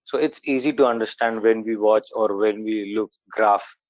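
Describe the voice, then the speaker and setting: A man's voice: lowish voice, fairly even intonation, moderate pace, no echo. A man, a student answering politely in an online class discussion. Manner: polite, addresses teacher as sir. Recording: dull lo-fi call audio.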